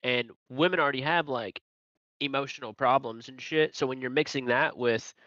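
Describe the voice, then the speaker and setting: A crude man rambles and swears through a heated debate, his voice bright and forceful. He wanders off track as he talks. The sound is dry and dull, like a lo-fi recording. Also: medium pitch, moderate pace, dry recording.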